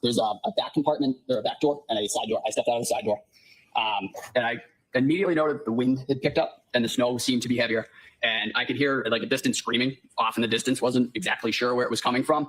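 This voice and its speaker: A man testifying in court as a firefighter paramedic, answering politely and in a measured way. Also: mid-range voice, steady tone, rough recording.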